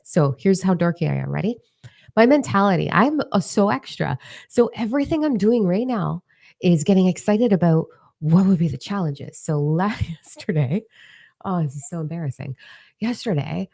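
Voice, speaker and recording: Excitable, foul-mouthed woman in her forties. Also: sits low, moderate pace, creaky. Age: 40s. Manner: excitable, blunt and profane. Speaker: life coach. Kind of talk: casual motivational talk to camera. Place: home.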